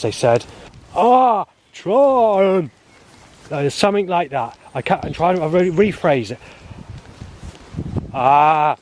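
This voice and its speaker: A man's voice: medium pitch, slight background noise. A man talking to camera outdoors in a rambling video diary, hesitant, often restarting and repeating himself. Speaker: vlogger.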